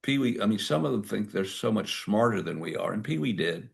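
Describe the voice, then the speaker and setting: An older man speaks in a very deep voice with a gravelly edge. He tells courtroom stories at a book talk, acting out each exchange. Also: animated, brisk. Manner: anecdotal, acts out dialogue. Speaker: author and former prosecutor.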